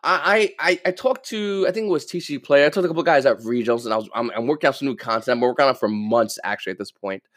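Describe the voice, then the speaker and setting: A man's voice: medium pitch, very fast, hardly any pauses, no room sound, clean studio sound. A man hosting a casual solo podcast, ranting with energy, stumbling over repeated words and cursing now and then. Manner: animated, ranting, stammers and repeats words, swears. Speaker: podcast host.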